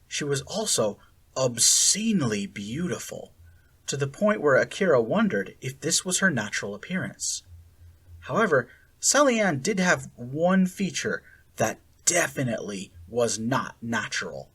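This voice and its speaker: Slow, husky-voiced story narrator. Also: medium pitch, big pitch swings, fairly bright tone. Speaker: story reader. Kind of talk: fan fiction audiobook narration.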